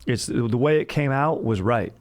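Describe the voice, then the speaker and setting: Speaking at normal speed, a man with an expressive mid-range voice hosts a podcast about history. The talk is casual, comedic, and rambling, with jokes, slangy bro phrasing, and "dude" said constantly.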